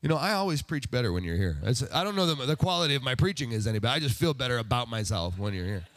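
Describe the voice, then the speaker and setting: A man's voice: mid-range voice, sing-song, fast talker, a bit bright. A man preaching a sermon in a conversational, self-deprecating way, putting rhetorical questions to the congregation. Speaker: pastor.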